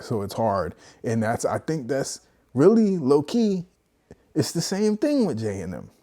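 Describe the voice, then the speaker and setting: Man ranting on a live stream, mellow tone. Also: lowish voice. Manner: animated, opinionated rant, drops into mocking voices for quotes. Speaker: streamer host. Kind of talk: casual wrestling commentary on a live stream.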